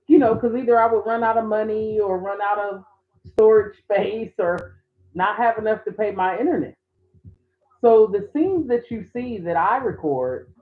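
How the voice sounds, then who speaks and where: Rambling woman vlogger, tinny phone-like sound. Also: medium pitch. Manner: rambling, conversational, full of restarts. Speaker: YouTube commentator. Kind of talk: casual commentary vlog.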